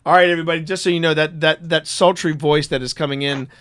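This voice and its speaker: A man's voice: a little high, fairly even intonation, fast, a bit bright, slight background noise. A man hosting a casual live gaming podcast, rambling with frequent restarts and fillers. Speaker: podcast host. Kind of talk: casual live-stream chat.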